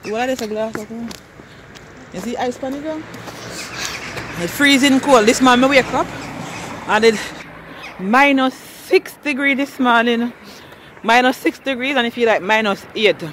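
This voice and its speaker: A Jamaican woman vlogs outside on a cold street, talking into a handheld phone. She is playful and teasing and laughs often. Clear traffic and street noise sits behind her voice. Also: fairly high pitch, unhurried, long pauses. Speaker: family vlogger. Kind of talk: casual vlog chat.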